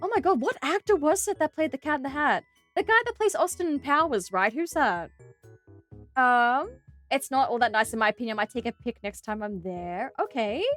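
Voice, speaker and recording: A young Australian woman bantering with her live chat, her slightly high voice swooping up and down as she giggles and exclaims. Her delivery is casual and animated, and soft game music plays faintly behind her. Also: moderate pace. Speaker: streamer.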